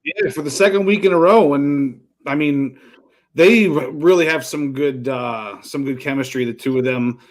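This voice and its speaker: A man under forty, a podcast co-host, recapping matches in relaxed chat with fillers. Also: a little high, normal speed. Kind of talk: casual wrestling podcast chat.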